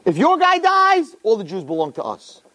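A man's voice: a little high, big pitch swings, normal speed. A man doing a boastful taunting giant warrior. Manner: mocking, challenging.

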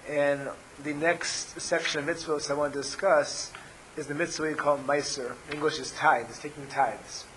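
A man with a scratchy, hoarse voice giving a religious class, explaining step by step with frequent ums and restarts. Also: a little high, steady tone, normal speed, a bit bright. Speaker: Torah teacher.

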